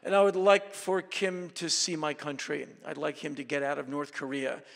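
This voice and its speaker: A man giving a live storytelling talk to an audience as a guest speaker, intense and emphatic, with loud bursts. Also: a little high, little pitch movement, moderate pace, gravelly. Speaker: guest speaker at a university event. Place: auditorium. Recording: reverberant hall.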